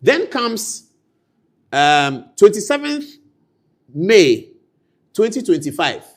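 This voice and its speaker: A Ghanaian man giving animated political commentary, swinging between loud outbursts and quiet asides. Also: sits high, slow.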